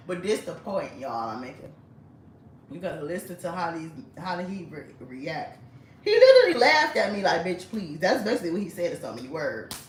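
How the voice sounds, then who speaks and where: A young woman telling a story in a casual storytime monologue. She talks in an animated way, laughs often and acts out the voices of the people in her story. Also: on the low side, a little hiss or hum. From United States. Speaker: storyteller host. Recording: roomy, mic at a distance.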